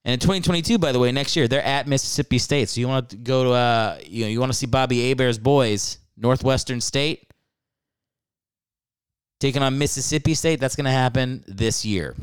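A man's voice: mid-range voice, brisk, clean tone, no echo, clean studio sound. A young adult man hosting a casual comedic podcast, rambling with irreverent, profane asides. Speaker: podcast host.

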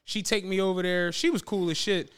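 Animated, high-voiced male podcast storyteller. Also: brisk, clear, resonant tone. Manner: animated, profane, laughs often, acts out quoted dialogue. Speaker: podcast co-host. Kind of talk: casual storytelling chat.

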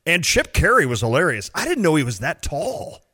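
Animated man on sports radio. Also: on the high side, a little fast, breathy edge, in a large hall. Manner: animated, playful, mimics people in quotes. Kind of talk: casual sports radio chat.

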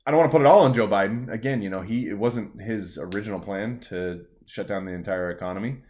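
A man's voice: lowish voice, fast talker, darkish tone. A young man co-hosting a casual podcast chat, rambling and sarcastic, swearing freely. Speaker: podcast co-host.

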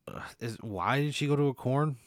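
A man co-hosting a podcast, answering a comic scenario in a wry, skeptical and deadpan way. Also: mid-range voice, a little fast, no room sound. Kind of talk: casual comedy banter.

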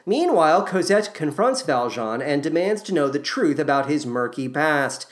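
A woman hosting a podcast, recapping a musical's plot with sarcastic, irreverent comedy and quick silly voices. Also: deep voice, sing-song. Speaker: podcast host.

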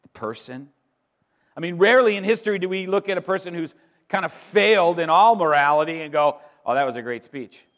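A middle-aged man preaching an Easter sermon as pastor, emphatic, pausing for effect and repeating words as he builds. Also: a little high, animated, fairly bright tone. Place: church sanctuary. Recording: long reverb in a large hall.

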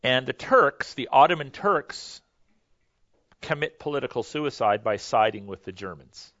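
Male teacher, mid-pitched, relaxed and self-correcting, close dry mic. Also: measured pace, no room sound, dull audio. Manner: conversational, loose, self-correcting, many fillers. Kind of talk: history lecture to a class.

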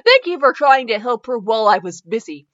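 A woman's voice: fairly high pitch, big pitch swings, brisk, a bit bright, highs cut off. A woman reading aloud as a protective, worried young man pleading with a friend. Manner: read aloud from fanfiction, pleading.

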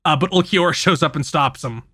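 A man hosting a podcast who casually recaps an anime, telling it in an animated, profane way. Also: fairly high pitch, fairly quick, slightly rough, dry recording, clean studio sound. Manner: animated, profane storytelling with frequent laughs. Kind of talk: casual chat.

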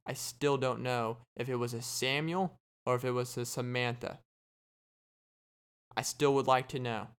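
A man hosting a podcast, giving a casual joking monologue in a deadpan way and acting out little imagined conversations. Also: medium pitch, smooth. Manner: deadpan, joking, acts out quoted exchanges. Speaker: podcast host.

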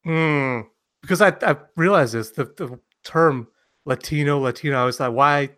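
A man's voice: fairly high pitch, moderate pace, a bit bright, no echo. Joking man, dry close sound. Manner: jokey, stammering restarts, bursts of laughter. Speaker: podcast co-host. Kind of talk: casual comedic chat.

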